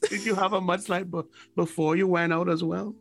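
A man's voice: high-pitched, steady tone, fairly quick, creaky, a bit bright. A young adult man hosting a casual interview. He laughs easily and stammers as he starts his sentences. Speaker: podcast host.

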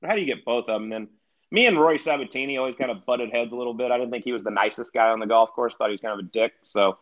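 A man's voice: medium pitch, steady tone, racing, fairly bright tone, muffled recording. A middle-aged man, a retired golfer as podcast guest, telling stories in a chatty, laid-back way and laughing along. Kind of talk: casual podcast storytelling.

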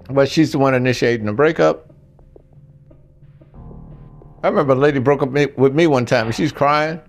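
Gravelly older man giving blunt advice. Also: medium pitch, fairly quick, faint music behind. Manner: blunt, storytelling, talks straight to the guys. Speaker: relationship advice speaker. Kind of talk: casual advice monologue.

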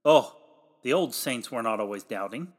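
Male preacher reading a formal sermon, mid-pitched voice, emphatic pulpit delivery that swells on the calls to act. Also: expressive, moderate pace. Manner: emphatic, swells louder on exhortations; old-fashioned formal pulpit diction. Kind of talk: read sermon.

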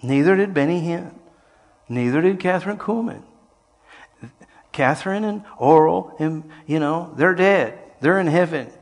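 Older guy preaching, goes quiet then shouts, big echoey hall. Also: fairly high pitch, measured pace. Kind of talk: sermon. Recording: long hall reverb.

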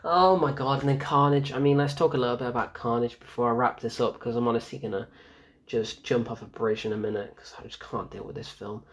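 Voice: mid-range voice, fairly even intonation, fairly quick, lo-fi sound. A film reviewer ranting casually and sarcastically about a movie, exasperated, laughing at it, rambling through restarts. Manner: rambling with frequent restarts and fillers.

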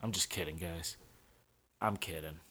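Ranting, crude St. podcaster. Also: male voice, low voice, unhurried, bright, forceful tone, a little hiss or hum. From St. Louis, USA. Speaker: podcast host. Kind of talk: profane podcast monologue.

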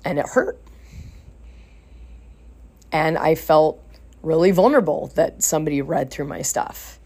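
A woman voicing her coaching client, a young mother who speaks haltingly and unsurely, in a husky voice. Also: low-pitched, animated, a little mellow, exaggerated voice. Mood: hurt.

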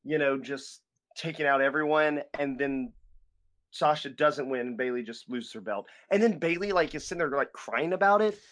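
Speaking at normal speed in a fairly high, slightly bright voice, a young man co-hosts a podcast, keeping the chat casual and rambling with plenty of fillers and restarts.

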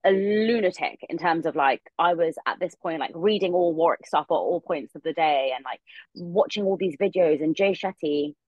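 A woman's voice: low-pitched, moderate pace, dry recording, dull audio. A young woman, a podcast guest in her room, telling a story casually and rambling with many filler words.

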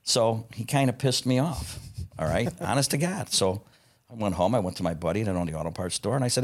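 A man's voice: fairly low pitch, expressive, fast. A middle-aged man telling stories in a casual interview, blunt and profane, often laughing as he talks. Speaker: guest, parts company founder.

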